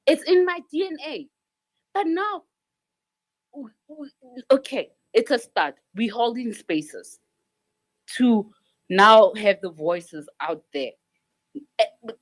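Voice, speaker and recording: Frustrated woman pleading. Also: high voice. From South Africa. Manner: frustrated, pleading, repeats herself. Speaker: caller in a live audio chat room. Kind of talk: emotional spontaneous speech.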